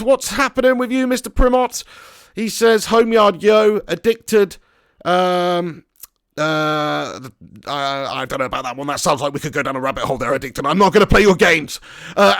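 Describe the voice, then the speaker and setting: A man with a Southern English accent streaming a football game, chatting and joking with his viewers. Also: sits high. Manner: chatty, jokey banter with viewers. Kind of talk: live stream commentary and chat shout-outs.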